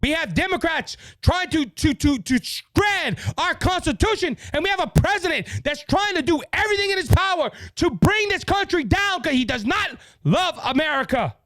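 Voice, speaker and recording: A man's voice: very high voice, expressive, moderate pace, hardly any pauses, no echo. A man with a Louisiana Cajun accent hosting his podcast, ranting in heated, angry political commentary. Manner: heated, yelling, repetitive. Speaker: podcast host.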